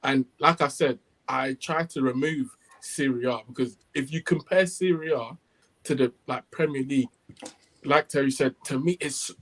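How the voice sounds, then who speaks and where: A man's voice: mid-range voice, low-quality recording. A man debating football on a panel over a video call, with stammering restarts. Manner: stammering restarts, measured argument.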